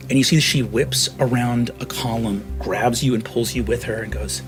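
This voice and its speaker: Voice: mid-range voice, steady tone, normal speed, hardly any pauses, faint music behind. A game master narrating a tabletop game with vivid, dramatic scene description.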